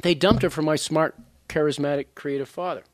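A man in his sixties from Louisiana talks loosely to a live audience, drifting between personal stories and passages he reads from his book. His voice sits a touch high for a man, and the sound is dry and close with no room echo. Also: fairly quick. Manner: conversational, digressive, animated asides to the audience. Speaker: author at a reading. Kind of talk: casual talk and book reading.

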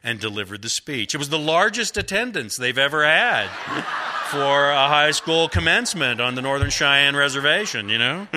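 A man's voice: on the high side, lively intonation, normal speed, noisy background. A middle-aged man, an author telling rambling, folksy stories to a live audience, full of fillers. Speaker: author at a book event.

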